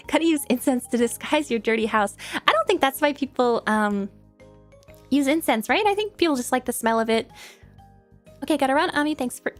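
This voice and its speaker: Young woman, New York accent, high bright voice, giggly casual stream chat over faint music. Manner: giggly, lots of fillers and restarts. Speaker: streamer answering viewer questions.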